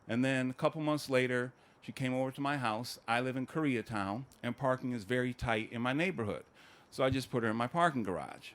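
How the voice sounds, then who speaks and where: Deadpan man doing stand-up. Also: mid-range voice, fairly quick. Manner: conversational, deadpan storytelling with acted quotes. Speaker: stand-up comedian. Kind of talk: stand-up comedy set.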